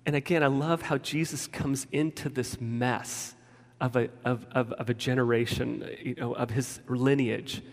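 A man's voice: mid-range voice, fairly even intonation, measured pace, hardly any pauses. A man preaching a casual, story-driven sermon as a pastor, often restarting his sentences. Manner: informal storytelling with frequent restarts. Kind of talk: conversational sermon. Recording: long reverb of a large hall.

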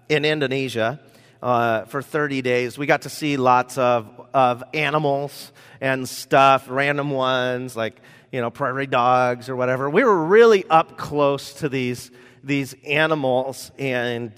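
A man's voice: medium pitch, fairly bright tone, clear, resonant tone. A man from the United States giving a sermon, telling rambling personal stories with lots of fillers and asides. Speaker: pastor. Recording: reverberant hall.

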